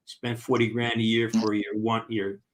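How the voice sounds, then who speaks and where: A man's voice: lowish voice, monotone, normal speed, slight background noise. A man hosting a casual live-stream Q&A with fans over a video call, upbeat, encouraging and a bit rambling. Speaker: actor hosting a fan Q&A.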